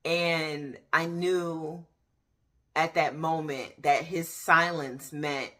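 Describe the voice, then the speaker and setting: Woman in her 30s talking faith to her viewers, low voice, takes it slow. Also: steady tone, a bit bright. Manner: candid and searching, pauses and restarts, speaks directly to viewers. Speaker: faith vlogger. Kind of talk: personal faith testimony, casual talk to camera.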